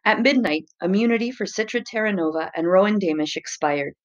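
A woman narrating a novel chapter in a measured, even storytelling manner. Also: medium pitch, highs cut off. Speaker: audiobook narrator. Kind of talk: scripted narration.

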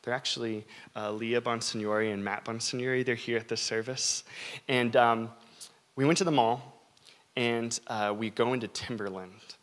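A man's voice: mid-range voice, fairly even intonation, normal speed, a bit bright. A young man preaching a sermon as a youth pastor, telling stories energetically with frequent fillers.

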